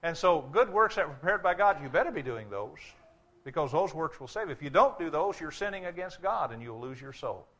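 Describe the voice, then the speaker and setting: A male preacher delivering a sermon, reading scripture aloud and slowing down hard on key words for emphasis. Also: a little high, big pitch swings, fairly bright tone, dull audio. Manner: emphatic, slows to stress scripture quotes.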